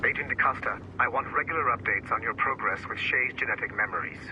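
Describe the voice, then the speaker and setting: A man's voice: mid-range voice, quick pace, highs cut off, close to an everyday voice. An actor playing a cold, authoritative male corporate official in a video game, with ambient noise behind. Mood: commanding. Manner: curt, authoritative.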